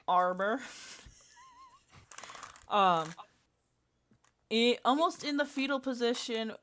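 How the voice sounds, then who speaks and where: A woman narrating a tabletop game as game master, halting with frequent fillers. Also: a little high, lively intonation, a bit bright.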